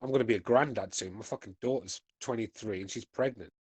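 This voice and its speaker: A man's voice: lowish voice, quick pace, slightly rough, no room sound. A British man in his forties hosting a podcast, chatting bluntly and swearing as he reads out chat comments. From United Kingdom. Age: 40s. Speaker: podcast host reading chat. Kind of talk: casual chat.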